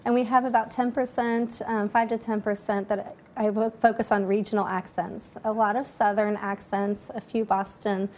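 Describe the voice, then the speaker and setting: A woman who works as an accent coach, giving measured, explanatory interview answers that often start with "um". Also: medium pitch, flat delivery, a little mellow, slight background noise.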